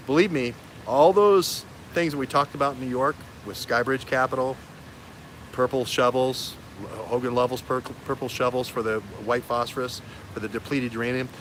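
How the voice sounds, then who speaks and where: A man hosting a livestream as an investigative journalist. He has a bright, forceful voice and talks in an animated way, jumping from thread to thread. There is a faint hiss under the voice. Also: medium pitch, fairly quick. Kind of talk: livestream talk.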